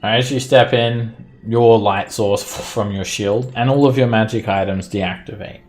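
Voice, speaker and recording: A man's voice: lowish voice, steady tone, unhurried, a little mellow, faint music behind. A man running a tabletop game as dungeon master, narrating loosely with fillers and frequent laughs.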